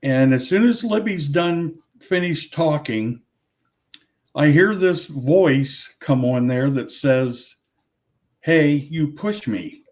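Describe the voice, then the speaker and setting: A man's voice: fairly high pitch, animated, takes it slowly, darkish tone. A man, an audio researcher, talking through his findings in a casual interview, often restarting and correcting himself.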